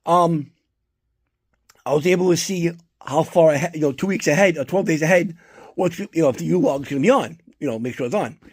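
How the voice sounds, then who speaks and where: Speaking briskly in a slightly high voice with a breathy edge, a New Jersey man who runs a collector vlog rambles through a story about his holiday routine. He swears a lot and gets worked up whenever something annoys him.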